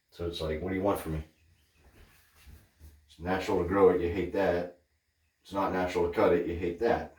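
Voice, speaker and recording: Casting note: low-pitched male vlogger, chatty and digressive, recorded from a distance in an echoey bathroom. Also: a little hiss or hum. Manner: chatty, digressive, animated when telling stories. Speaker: wet shaving channel host. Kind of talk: casual rambling chat. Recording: roomy sound from off-mic.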